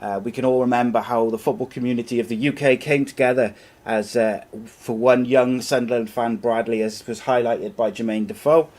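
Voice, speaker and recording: A man's voice: mid-range voice, steady tone, brisk, hardly any pauses, darkish tone. A Scottish man hosting a podcast, upbeat, reading promos and calling people mate. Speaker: podcast host. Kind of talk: podcast intro and casual chat.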